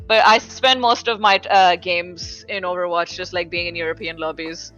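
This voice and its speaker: Bright-voiced woman with a slight accent. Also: fairly low pitch, fairly even intonation, moderate pace, muffled recording, faint music behind. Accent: slight foreign accent. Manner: rambling, filler-heavy, frequent "like". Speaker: podcast guest, fighting game commentator. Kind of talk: casual chat.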